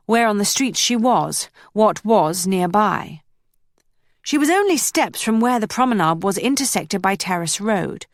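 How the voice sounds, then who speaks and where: A woman reading historical romance narration in a measured, steady storytelling manner. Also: mid-range voice, no echo, studio quality. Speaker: audiobook narrator. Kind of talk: scripted narration.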